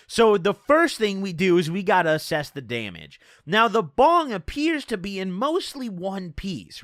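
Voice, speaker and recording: A man's voice: high-pitched, fairly bright tone, dry recording, studio quality. A man in his twenties casually telling a rambling, profane story from his own life. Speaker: streamer.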